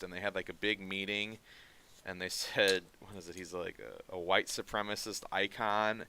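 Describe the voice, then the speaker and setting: A man chatting casually on a stream, sarcastic and animated, laughing often as he talks. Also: lowish voice, clear, resonant tone.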